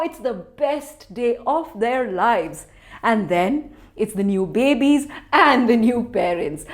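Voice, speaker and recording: Animated woman telling a kids' story. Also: high voice. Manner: animated, theatrical, with playful crow caws and hushed suspense. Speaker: children's storyteller. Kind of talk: expressive storytelling for kids.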